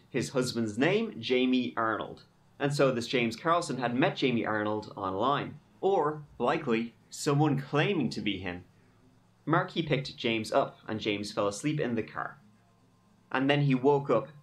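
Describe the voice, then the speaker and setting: Man narrating true crime casually. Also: medium pitch. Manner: conversational, wry asides. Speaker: true crime podcast host.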